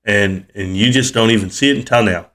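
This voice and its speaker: A man's voice: on the low side, brisk, fairly bright tone. A man in his forties ranting heatedly on his livestream about the economy and stocks, cussing as he goes. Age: 40s. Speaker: livestream host.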